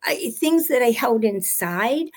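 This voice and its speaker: A woman's voice: fairly high pitch, lively intonation, unhurried. A woman handwriting expert chatting as an interview guest, telling stories animatedly with frequent restarts. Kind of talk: casual interview chat.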